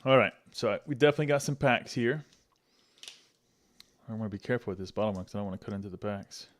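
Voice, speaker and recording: A man's voice: lowish voice, fast. A middle-aged man hosting a casual unboxing chat, upbeat and chatty, laughing often. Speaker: channel host.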